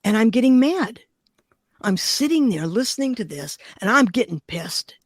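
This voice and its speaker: A woman's voice: a little high, normal speed, dry recording. An older woman from Detroit, a glass artist telling vivid, emotional stories in an interview. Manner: vivid, emotional, expressive storytelling. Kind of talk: storytelling interview.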